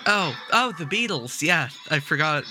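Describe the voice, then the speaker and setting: A man hosting a casual podcast chat, joking and asking questions in a relaxed way. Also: on the high side, moderate pace, music in the background. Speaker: podcast host.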